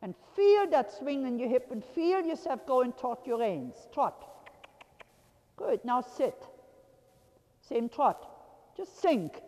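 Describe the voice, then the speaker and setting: A woman riding instructor coaches a rider from the arena floor, calling out short, commanding, repeated instructions and laughing now and then. Her high voice is expressive and dark-toned, she speaks slowly with frequent pauses, and the recording has a long hall reverb.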